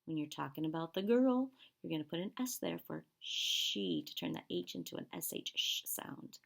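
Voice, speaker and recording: A woman teaching kindergarten sight words, slow, patient and encouraging, drawing out spelled letters in a sing-song way. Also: on the low side, lively intonation, gravelly, a bit bright, husky.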